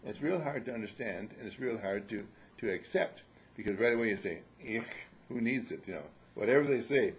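A man's voice: fairly low pitch, brisk, dull audio. An older man leading a group in a casual spiritual talk, playful and teasing as he lectures. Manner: lively, joking, playful lecturing.

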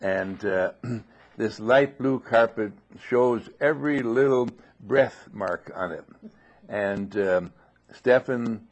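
A man giving an informal spoken teaching in a monastery dining room, often clearing his throat and asking rhetorical questions. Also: on the low side, takes it slowly. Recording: dull lo-fi recording.

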